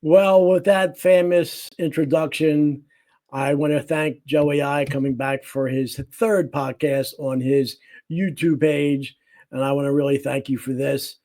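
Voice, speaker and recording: A man hosting a podcast, opening with easygoing, halting remarks and questions. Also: fairly high pitch, fairly even intonation, darkish tone. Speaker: podcast host. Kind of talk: casual interview chat.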